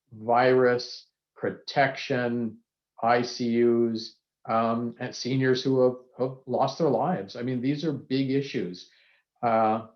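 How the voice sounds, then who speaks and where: A man speaks as a psychiatrist on a panel, earnest and candid with the odd self-deprecating aside. His voice sits at an ordinary pitch. It comes through a video call with a muffled, lo-fi sound. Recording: dull lo-fi video call audio.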